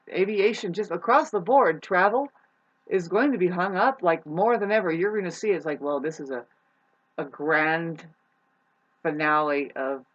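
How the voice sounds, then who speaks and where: A casual vlogger rambling to the camera, voice sitting at a middling pitch. The talk meanders and circles back with frequent restarts and offhand swearing. The audio is a bit dull and lo-fi. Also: a bit bright. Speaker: astrology vlogger. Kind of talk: casual rambling monologue to viewers.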